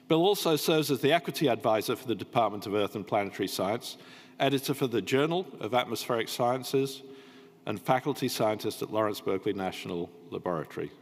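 A man's voice: fairly low pitch, expressive. Older male dean, formal scripted intro, lecture hall with long reverb. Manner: formal, measured reading. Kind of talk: prepared welcome remarks.

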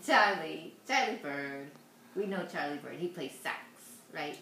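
A woman's voice: low voice, expressive, a little hiss or hum. Patient mother coaxing a toddler. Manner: patient, repeats words slowly and laughs softly. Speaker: parent coaching a toddler to say names. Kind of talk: home video, coaxing a child. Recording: echoey room.

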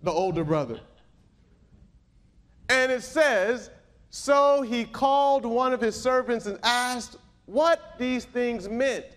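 A male pastor delivers a sermon in a strikingly high voice. He moves at an unhurried, measured pace. He reads old-style scripture aloud and keeps asking his congregation questions. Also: fairly bright tone. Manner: preaching with calls to the congregation; reads scripture aloud in King James wording.

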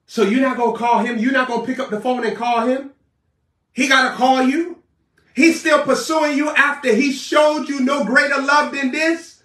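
High-voiced man preaching fiery sermon. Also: fairly even intonation, moderate pace. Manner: shouting, scolding and mocking. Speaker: prophet preacher. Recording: echoey room, voice far from mic.

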